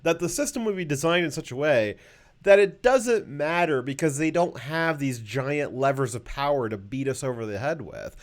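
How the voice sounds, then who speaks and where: A man's voice: fairly high pitch, expressive, moderate pace. A man hosting a casual political talk show, rambling with many fillers and a sarcastic edge. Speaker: show host.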